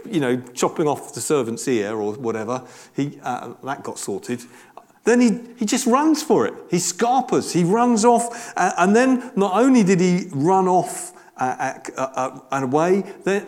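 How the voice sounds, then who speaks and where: A man's voice: on the high side, big pitch swings, normal speed, a little mellow. A man giving a conversational, earnest sermon with frequent restarts. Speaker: preacher.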